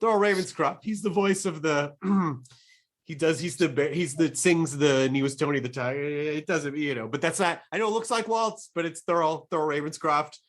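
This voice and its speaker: A middle-aged man hosts a podcast in casual interview chat, his voice a little high and his speed normal. He talks eagerly, rambling through his thoughts and often restarting.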